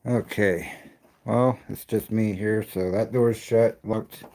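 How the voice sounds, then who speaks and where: A man's voice: fairly low pitch, steady tone, slow, a little mellow. Breathless rambling man. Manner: rambling, self-interrupting. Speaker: paranormal investigator. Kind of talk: casual vlog talk.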